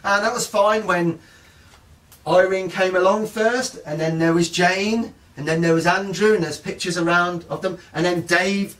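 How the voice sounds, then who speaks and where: A man's voice: high-pitched, normal speed, recorded from a distance. A man, telling family stories to a live audience in a chatty, joking way. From Coventry, England. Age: 40s. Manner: chatty and joking, lively delivery. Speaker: storyteller.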